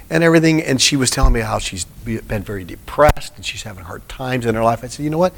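A man's voice: mid-range voice, quick pace, gravelly, hardly any pauses, fairly bright tone. A middle-aged man, a pastor, giving an informal sermon and chatting earnestly with a small group.

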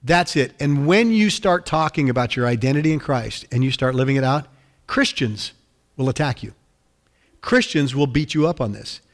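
A man's voice: mid-range voice, lively intonation, moderate pace. A man preaching a sermon as pastor, fervent and emphatic, repeating phrases for weight.

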